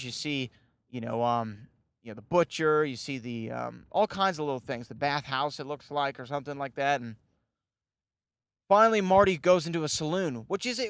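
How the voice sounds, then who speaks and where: A man's voice: mid-range voice, clean tone. A man hosting a podcast, casually retelling a movie's plot in a rambling way, with many fillers and small chuckles. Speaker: podcast host. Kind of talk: casual film recap.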